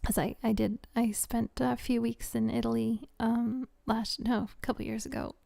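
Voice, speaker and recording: A young-sounding woman with a slightly high voice chats with viewers during a relaxed live stream Q&A. Her voice has a gravelly fry, and she slips between gentle speech and whispers, with lots of "um" and "like." She is recorded close and dry, with no room sound. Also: normal speed, dry recording. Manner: soft-spoken, drifts into whispers, many "um" and "like" fillers, giggly. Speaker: ASMR creator answering viewer questions. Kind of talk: casual live-stream Q&A chat.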